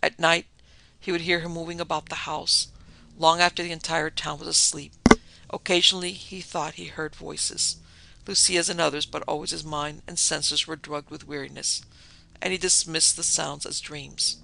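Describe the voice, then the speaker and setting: A man narrating a classic horror story in a measured, dramatic storytelling manner. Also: fairly high pitch, little pitch movement, vocal fry, bright, forceful tone, low-quality recording.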